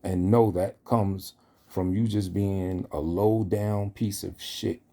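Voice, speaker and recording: A man's voice: low-pitched, steady tone, takes it slowly, dark tone. A man delivering a heated, profane callout rant, speaking straight at the person he confronts. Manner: confrontational, profane, addresses target directly. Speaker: online commentator.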